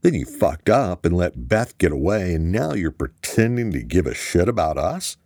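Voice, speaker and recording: A man's voice: sits low, big pitch swings, moderate pace, darkish tone, no room sound, pitched above the performer's own voice. A man voicing an angry, blunt young man hurling accusations in an audiobook.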